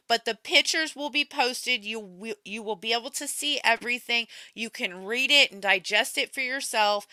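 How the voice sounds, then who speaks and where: A woman's voice: a little high, sharp tone, dry recording. A woman co-hosting a casual commentary show, talking straight to her viewers in an exasperated way.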